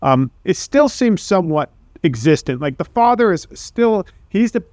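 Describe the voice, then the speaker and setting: A man's voice: high voice, sing-song, moderate pace, a little mellow, no room sound, clean studio sound. A man co-hosting a podcast, telling rambling childhood stories with laughs and casual swearing. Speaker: podcast co-host.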